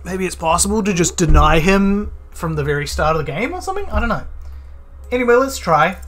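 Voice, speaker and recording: A young man streaming a game, casually reading its text and choices aloud with animated delivery. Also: high voice, a little fast, faint music behind. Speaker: let's play streamer.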